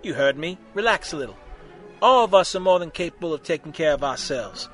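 A man's voice: a little high, lively intonation, a little fast, a bit bright, soft background music. A man reading a story aloud, voicing a smug male survivor who teases and mocks in a drawling way. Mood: teasing.

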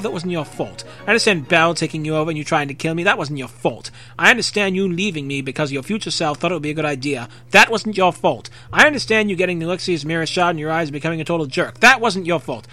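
A sharp-tongued heartbroken teen girl, read by a man in a bright, slightly high voice, fast and sarcastic, a faint bit of music behind. the hurt shows under the sarcasm. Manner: sarcastic, quick, rising to anger. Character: bitter heartbroken teenage girl, sarcastic heroine.

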